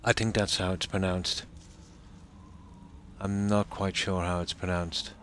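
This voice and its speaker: A deep-voiced man streams a game from his home and answers chat in a soft, unhurried way. He speaks slowly with relaxed fillers. A faint room hum sits behind him. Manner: soft-spoken, talks quietly so sleeping dogs stay asleep. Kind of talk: casual gameplay commentary.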